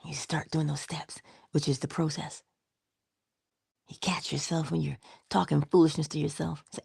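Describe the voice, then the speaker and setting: A woman hosting a casual motivational livestream, playful and chatty, slipping into whispery asides and animated quoted voices. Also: normal speed, long pauses, no echo, studio quality. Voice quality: low gravelly husky voice. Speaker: livestream host.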